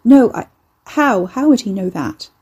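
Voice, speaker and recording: A woman voicing Carrie, a frightened young woman who speaks in a shaky, halting way. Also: a little high, lively intonation, darkish tone, breathy edge, full character voice. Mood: distraught.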